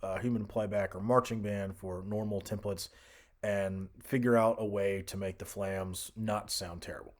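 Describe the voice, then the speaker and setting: A young man casually talking through a music software tutorial, thinking aloud with fillers and restarts. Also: fairly low pitch, steady tone, normal speed. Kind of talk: screen-recorded software tutorial.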